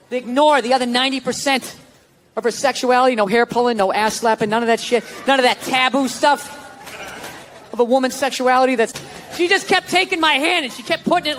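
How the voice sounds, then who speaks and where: An American man in his fifties doing a loud, profane, sarcastic stand-up set on stage in a large hall. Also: very high voice, steady tone, brisk. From United States. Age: 50s. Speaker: stand-up comedian. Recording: live stage recording with crowd noise. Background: audience crowd.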